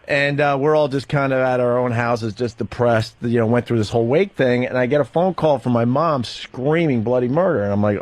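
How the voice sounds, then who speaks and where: A male radio host with a mid-range voice tells a long personal story in a casual way. He is halting and rambling, and he laughs nervously through the grim parts.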